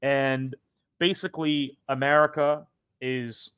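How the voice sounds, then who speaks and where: A man's voice: mid-range voice, flat delivery, slow, fairly bright tone, clean tone, no echo, clean studio sound. A young man co-hosting a casual history podcast, a former teacher who rambles with many restarts and self-corrections. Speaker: podcast co-host.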